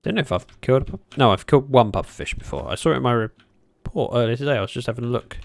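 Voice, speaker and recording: A man chatting casually at his desk while livestreaming a game, speaking into a desk microphone, with sudden excited yelps. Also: mid-range voice, fast talker, creaky, no echo. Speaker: gaming livestreamer. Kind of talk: casual commentary while playing.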